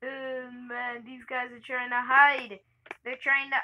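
A young woman giving chatty, excitable gameplay commentary for her channel, laughing and shrieking often. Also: sits high, takes it slowly, slight background noise, rough recording. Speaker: gaming channel host.

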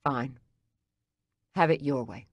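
A brusque, wounded man snaps cutting remarks at his ex, read by a woman narrator. His voice sits low and unhurried, with a close, dry sound and no room around it. He never lets up on his clipped, biting manner. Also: dry recording, full character voice. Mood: bitter.

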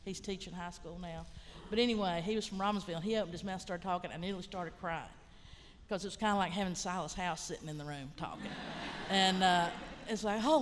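A woman's voice: medium pitch, noisy background. Frank Appalachian woman in a hall. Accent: Southern Appalachian. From Appalachia, western North Carolina. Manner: frank, rambling, plainspoken, with mild swearing. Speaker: writer and college teacher on a panel. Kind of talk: casual panel storytelling. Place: large lecture hall.

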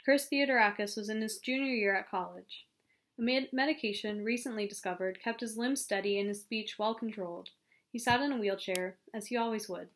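A woman's voice: mid-range voice, fairly quick. Woman narrating a novel aloud. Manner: steady storytelling with small self-corrections. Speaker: audiobook reader. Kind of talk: scripted narration.

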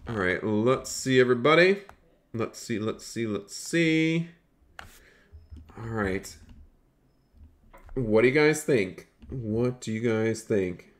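A man live-streaming a roleplay game, chatting excitedly with his viewers and calling out to customers, often repeating his phrases. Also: fairly low pitch, slow, pauses often. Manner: excitable, chatty, talks straight to his chat; repeats phrases, calls out in a raised shop-counter voice. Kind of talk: live gaming stream commentary.

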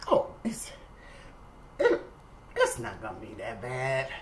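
Woman quoting a calm, brisk technician. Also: a bass voice, echoey room, a little hiss or hum, voice pushed down, full character voice. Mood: reassuring.

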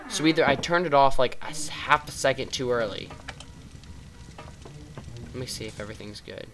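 A man giving casual let's-play commentary over a cozy life game, chatty and rambling. He teases the characters with playful sarcasm as he goes. Loud game music fills the background. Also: medium pitch, moderate pace, poor audio. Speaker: gaming vlogger.

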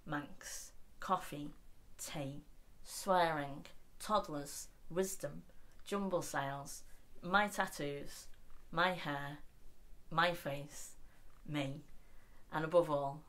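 A woman delivers spoken word poetry with a dry, deadpan wit, her lines blunt and unsentimental. Her voice sits a little low for a woman, and she lets the jokes land flat. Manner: wry, blunt, deadpan humour. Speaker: poet.

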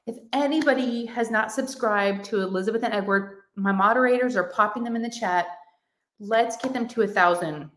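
A woman hosting a casual crafting livestream from home, reading comments aloud in a gushing, excitable way. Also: on the high side, moderate pace. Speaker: livestream host of a crafting channel.

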